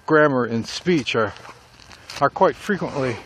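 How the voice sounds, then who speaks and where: A middle-aged man, a writer vlogger, walks and talks casually about writing dialogue, reflecting and rambling a bit. His mid-range voice is animated, a little slow and a bit bright, against faint traffic noise.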